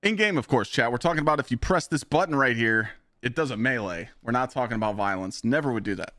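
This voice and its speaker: A young man streaming games, telling stories to his chat in a blunt, profane, animated way. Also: mid-range voice, fast, no room sound, studio quality. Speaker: game streamer. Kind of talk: casual live-stream storytelling.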